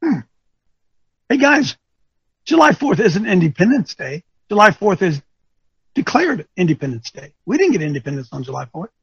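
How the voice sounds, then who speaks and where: High husky man lecturing with questions. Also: normal speed, long pauses, no echo, lo-fi sound. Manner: animated and teasing, quizzes listeners, thinks aloud. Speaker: coach speaking to an audience. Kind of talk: lecturing talk with rhetorical questions.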